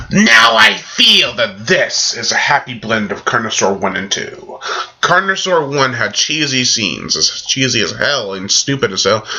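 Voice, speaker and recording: A man's voice: mid-range voice, sharp tone. A man casually reviewing a movie, rambling in a loose, jokey way. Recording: dull lo-fi recording.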